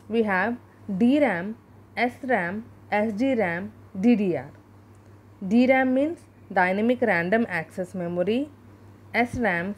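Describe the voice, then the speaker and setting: Woman teacher, mid-range voice, patient lecture that spells out every abbreviation. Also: medium pitch. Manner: explains terms slowly, spells out abbreviations. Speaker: school teacher. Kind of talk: classroom lecture over slides.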